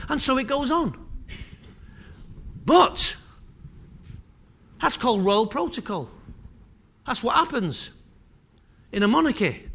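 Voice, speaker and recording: A man's voice: extremely high pitch, bright, forceful tone. A man preaching a sermon with impassioned, repetitive delivery that swells and drops in intensity.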